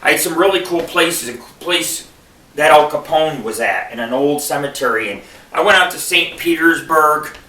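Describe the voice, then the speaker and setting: A man's voice: fairly high pitch, lively intonation, normal speed, pushed and bright. A man from Buffalo hosting a radio show, telling rambling, profane stand-up style stories. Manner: profane, rambling and digressive storytelling. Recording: echoey room, far from the mic.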